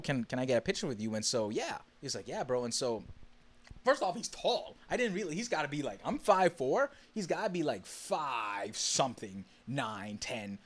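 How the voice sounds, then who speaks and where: Excitable young man from the Bahamas. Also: mid-range voice. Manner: excitable, many fillers and restarts. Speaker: podcast host. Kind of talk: casual storytelling monologue.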